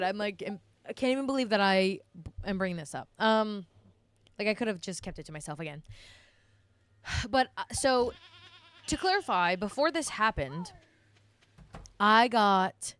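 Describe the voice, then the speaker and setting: A woman's voice: medium pitch, animated, normal speed, pauses often, fairly bright tone, smooth. Rambling woman streamer telling a story. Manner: rambling, self-deprecating storytelling with laughs. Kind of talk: casual live-stream chat.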